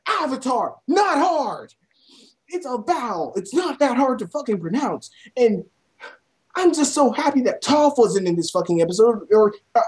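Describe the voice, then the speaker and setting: A young woman ranting about a film, exasperated and swearing constantly, her voice climbing to near shouts. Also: a little high. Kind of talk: profane rant.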